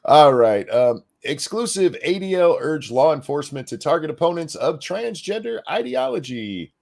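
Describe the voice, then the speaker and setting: A man's voice: on the high side, big pitch swings, moderate pace, gravelly, a little mellow. A man co-hosting a casual political commentary chat, blunt and sarcastic, swearing freely and reading viewer messages aloud. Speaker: podcast co-host.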